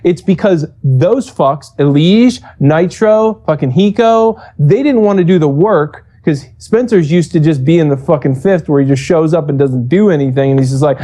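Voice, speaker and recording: A man's voice: a little high, normal speed, hardly any pauses. A man being interviewed as an esports coach, telling a story casually with lots of swearing and acted-out quotes. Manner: profane, animated, acts out quoted exchanges.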